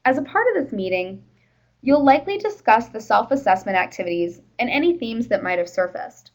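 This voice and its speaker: Woman, training presenter, slightly high voice, conversational, explanatory. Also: big pitch swings, fairly quick, rough recording. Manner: conversational, explanatory, with fillers like "you know".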